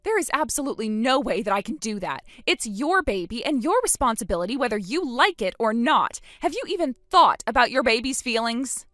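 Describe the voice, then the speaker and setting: A woman's voice: a little high, sing-song, a little fast, hardly any pauses, a bit bright, no room sound, studio quality. A woman voicing an earnest young aunt who pleads for her brother's baby, in scripted dialogue. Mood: pleading. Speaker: voice actor in a text-story drama.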